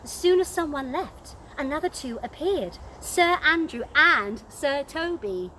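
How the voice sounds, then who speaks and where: Animated British woman telling a story. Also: sits high, measured pace, slight background noise. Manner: expressive, animated. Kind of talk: storybook narration for children.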